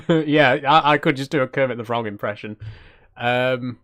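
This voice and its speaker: A man's voice: medium pitch, takes it slowly, fairly bright tone. A man hosting a cozy game livestream in a casual, chatty way, laughing as he reads out chat suggestions and trailing off into self-deprecating asides. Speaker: streamer host.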